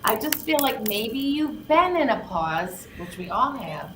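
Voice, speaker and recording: A woman's voice: fairly high pitch, sing-song, measured pace. A gushing older woman reads cards casually and draws out her key words. Her voice rings in a roomy space, with a faint hiss behind it. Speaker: card reader co-host. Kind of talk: casual live card reading. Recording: roomy, faint background noise.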